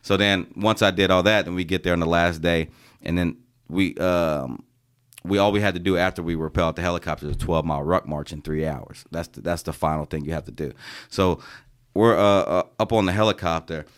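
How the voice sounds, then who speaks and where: A man in his thirties casually telling an Army story to friends, profane and animated, acting out the sergeants he quotes. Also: low voice, a little fast, clean tone. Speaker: podcast co-host, Army veteran.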